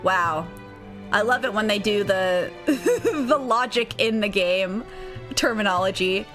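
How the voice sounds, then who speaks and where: Young woman streamer, lively and giggly, bright, swooping voice, faint game music under her. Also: mid-range voice, unhurried. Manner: bubbly, giggly, voices the characters. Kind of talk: live game stream commentary and reading dialogue aloud.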